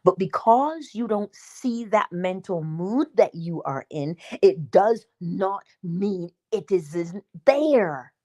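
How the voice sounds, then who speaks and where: Slow-paced yet expressive, this woman speaks in a mellow mid-range voice with few pauses. During her morning livestream teaching talk she stays emphatic and chatty, quizzing listeners and playing out small conversations with herself.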